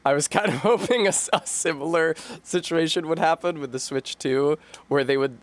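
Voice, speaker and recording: A man streaming a game who chats loosely with viewers. He rambles and wanders from thought to thought, filling gaps with ums and restarts, in a voice of middling pitch. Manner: rambling, chatty, full of fillers and self-interruptions. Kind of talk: casual chat while live-streaming a game.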